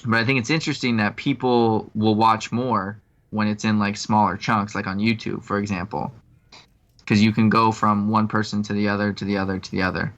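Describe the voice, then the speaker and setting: A man talking loosely on a podcast, circling his point with plenty of filler words. His voice sits a bit low. The recording sounds dull and lo-fi. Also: flat delivery, a little fast, a bit bright. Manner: rambling, many fillers. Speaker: podcast co-host. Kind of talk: casual chat.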